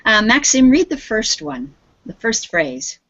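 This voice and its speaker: A woman's voice: fairly high pitch, big pitch swings, measured pace, a bit bright. A woman with a Canadian accent, teaching an English lesson over a video call and patiently prompting her students. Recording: dull lo-fi video call audio.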